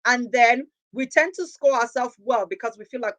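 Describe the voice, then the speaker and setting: This podcast host is a woman in her thirties whose fairly bright, high-leaning voice moves at a normal speed, barely pausing. Captured on a low-quality recording, she gives an earnest, reflective motivational talk full of rhetorical questions and phrases repeated for effect.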